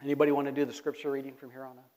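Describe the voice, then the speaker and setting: A man's voice: mid-range voice, monotone, very fast, a little mellow. A middle-aged man preaching a sermon in a church, asking the congregation questions and waiting for their answers. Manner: call-and-response preaching, asks the congregation questions. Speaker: pastor. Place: church sanctuary.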